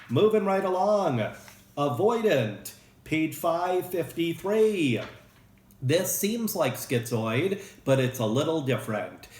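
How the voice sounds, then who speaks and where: The voice belongs to a psychology professor, mid-range and somewhat dark, giving a relaxed lecture recorded in an echoey room. He jokes around and plays out brief examples.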